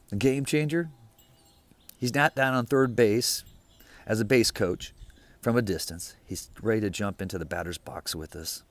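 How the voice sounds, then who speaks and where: A middle-aged man giving an informal sermon, telling a story in a lively, conversational way. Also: on the low side. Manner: storytelling, lively and conversational, drops to a hush for quoted dialogue. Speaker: preacher.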